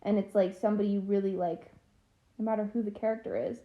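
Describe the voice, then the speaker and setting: A woman's voice: mid-range voice, flat delivery, quick pace, phone-quality sound. A young adult woman co-hosting a podcast in casual chat, often laughing between lines. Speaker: podcast co-host.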